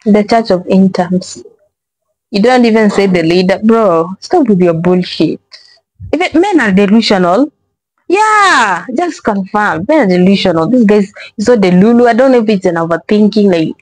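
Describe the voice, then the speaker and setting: A woman's voice: medium pitch, animated, moderate pace, a little mellow, dry recording, low-quality recording. A woman hosting a reaction video, talking casually, exasperated and profane, often repeating herself.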